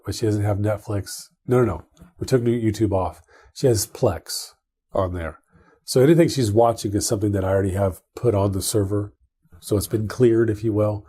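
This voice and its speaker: A man's voice: on the low side, mellow, slightly rough. A middle-aged man co-hosting a podcast, chatting casually about tech and his family in a rambling way with many restarts. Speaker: podcast co-host.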